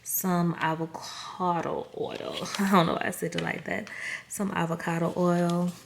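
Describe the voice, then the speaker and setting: A woman's voice: lowish voice, little pitch movement, moderate pace, creaky, noisy background. A woman vlogger casually chatting through a grocery haul, talking straight to her viewers and laughing at herself. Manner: chatty, self-amused, talks to viewers directly.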